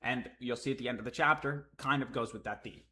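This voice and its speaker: A man reading a comic chapter on a live stream and reacting with excited, profane commentary. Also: mid-range voice, fast talker.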